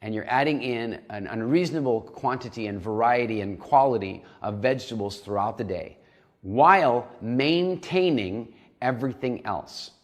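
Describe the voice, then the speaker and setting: A man's voice: medium pitch, animated, moderate pace. A man coaching a nutrition program in a recorded lesson, talking animatedly and acting out little inner voices.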